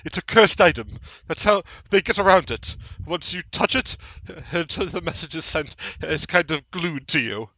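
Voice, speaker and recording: A man's voice: fairly high pitch, animated, moderate pace, hardly any pauses, bright, forceful tone, no echo, voice pushed up, exaggerated voice. A man voicing a nervous, stammering male halfling slaver who keeps fumbling his words. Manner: stammering, fawning.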